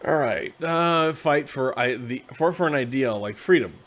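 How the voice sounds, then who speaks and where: A tired man hosting a casual, rambling explanation of a tabletop game class, slipping into quick acted asides. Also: medium pitch, lively intonation, fairly bright tone. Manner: conversational, acts out quick quoted asides. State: tired, yawning.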